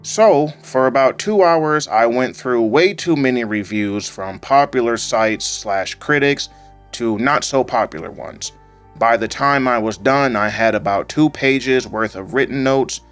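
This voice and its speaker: A man reading a scripted gaming video essay into a home microphone, in a calm, fairly monotone way with occasional rises. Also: medium pitch, a little slow, clear, resonant tone. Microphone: home microphone voice-over. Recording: faint background music under voice-over.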